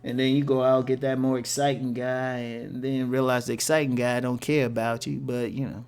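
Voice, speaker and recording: A man's voice: medium pitch, little pitch movement, moderate pace, a little mellow, clean tone, faint music behind. A man hosting a casual relationship-advice monologue for women, talking bluntly with tough love and jokes.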